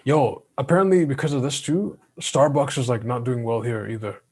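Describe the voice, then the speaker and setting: A young man co-hosting a podcast, chatting loosely in a relaxed, rambling way with slangy asides. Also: mid-range voice, moderate pace, husky. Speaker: podcast co-host. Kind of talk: casual chat.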